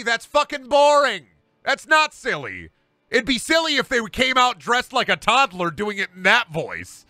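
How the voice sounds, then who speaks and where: A man's voice: extremely high pitch, sing-song, normal speed, pushed and bright, no room sound, faint music behind. A man streaming a game and ranting casually about wrestling, heated, emphatic and profane. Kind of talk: casual rant while gaming on stream.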